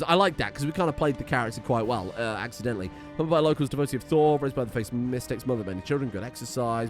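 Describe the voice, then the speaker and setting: A young man talks through his gameplay in a casual, excitable way, thinking aloud and swearing now and then. His pitch jumps around a lot as he speaks. Faint music plays quietly underneath. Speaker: let's play host.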